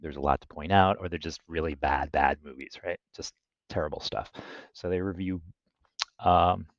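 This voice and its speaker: A man's voice: sits low, moderate pace, no room sound, muffled recording. A man hosting his own channel, recommending channels in a casual, rambling way with many fillers and restarts. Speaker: channel host.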